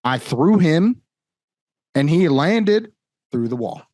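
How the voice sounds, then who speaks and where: A man's voice: fairly high pitch, slow pace, dry recording. A young man co-hosting a podcast, telling a long story in casual chat and acting out what people said. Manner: animated storytelling, acts out quotes. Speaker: podcast co-host.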